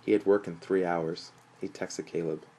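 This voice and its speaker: A young man reading a story aloud in an even, flat manner, lifting his voice for quoted lines. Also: low voice, normal speed, breathy edge, poor audio. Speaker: narrator.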